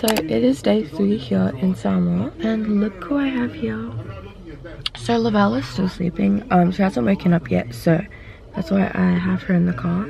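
A young woman from Australia vlogging casually from inside a car, rambling with lots of fillers, her voice a bit rough from just waking up. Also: mid-range voice, steady tone, moderate pace, darkish tone, rough recording. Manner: chatty, rambling with many "like"s and "um"s. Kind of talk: casual travel vlog chat. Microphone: handheld compact camera.

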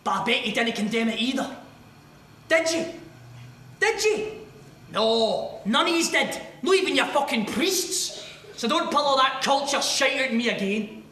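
Man doing a mocking Scottish loudmouth, Scottish accent, sweary, in a roomy space, far from the mic. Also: extremely high pitch, expressive, unhurried, full character voice. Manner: jeering, sweary, shouty. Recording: echoey, distant, noisy.

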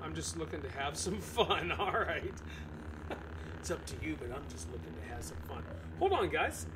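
A man streaming live, chatting with his viewers in an animated, exclaiming ranting manner. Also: on the high side, moderate pace, noisy background. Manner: animated, exclaiming rant to chat. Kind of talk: casual live-stream chat.

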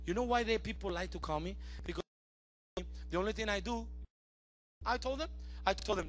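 A middle-aged man preaching a sermon as pastor, animated and acting out the voices of his family and callers. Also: high-pitched, fairly quick, long pauses, faint music behind.

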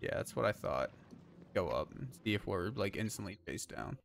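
A man's voice: fairly low pitch, big pitch swings, normal speed, vocal fry, a little hiss or hum. A young man casually commenting while playing a game with a friend, swearing and laughing often. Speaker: streamer. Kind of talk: casual let's-play commentary.

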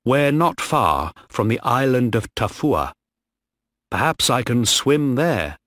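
A man's voice: mid-range voice, very animated, takes it slowly, fairly bright tone, dry recording, clean studio sound. A man voicing a desperate young male ship officer in a storybook reading.

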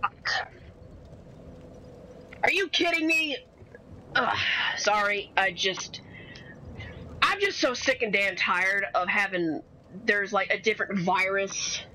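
A woman's voice: medium pitch, lively intonation, measured pace, sharp tone, slight background noise, poor audio. A young woman streaming a game, rambling and swearing as she chats through her play. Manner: rambling, swears often, swings from chatty to exasperated outbursts. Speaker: gaming streamer. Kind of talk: casual gameplay commentary.

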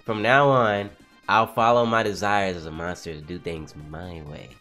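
A man voicing a cruel, playful male cat monster from a comic, read in a slow, low, sinister tone. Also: fairly even intonation, pushed and bright, faint music behind. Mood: menacing.

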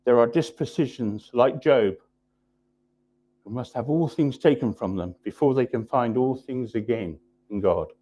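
A man preaching a sermon in a church, driving points home through repetition and often dropping his voice low and quiet for emphasis. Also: measured pace. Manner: emphatic repetition, drops low and soft for weight.

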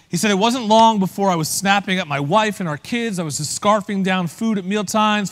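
A man's voice: on the high side, fairly bright tone, long reverb tail. A man preaching a sermon as pastor, talking conversationally and asking the listeners direct questions. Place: church.

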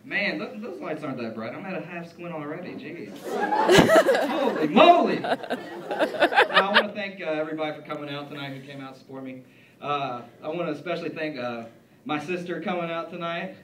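Young male stand-up, high and animated, rambling delivery, far mic in an echoey club. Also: brisk, very noisy. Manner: rambling, filler-heavy, self-mocking. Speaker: stand-up comedian. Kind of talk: stand-up routine. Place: comedy club stage.

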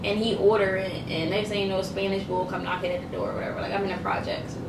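A woman's voice: mid-range voice, level tone, gravelly. A young woman with a Philadelphia accent, chatting casually and laughing easily while hosting a meal vlog. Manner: laid-back, chatty, quick to laugh. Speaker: vlog host. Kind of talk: casual chat over a meal. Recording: echoey room, far from mic, noisy.

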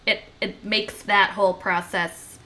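A woman co-hosting a casual podcast discussion, relaxed and agreeable, with casual fillers. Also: medium pitch, a little slow. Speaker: podcast co-host.

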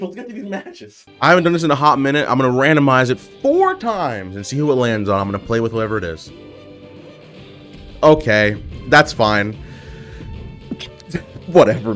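Lively man trash-talking over gameplay. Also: mid-range voice. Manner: playful trash talk, hyped shouting at the game. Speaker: gaming YouTuber. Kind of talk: casual gameplay commentary.

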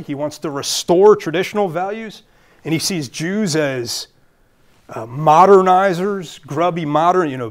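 A man with a Brooklyn accent giving a public lecture as a guest speaker, earnest and thinking aloud with fillers and restarts. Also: fairly high pitch.

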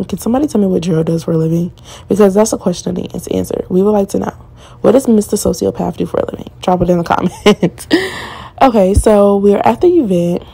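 A woman's voice: medium pitch, gravelly, mellow, breathy edge. A woman in her twenties giving a casual, opinionated recap of a reality show, talking candidly and in slang straight to her viewers.

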